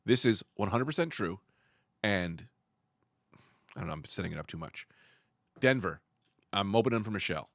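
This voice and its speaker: A man's voice: lowish voice, normal speed, pauses often, no room sound, clean studio sound. A man co-hosting a comedy podcast, telling stories in a casual chat and acting out the lines. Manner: animated storytelling, acts out lines.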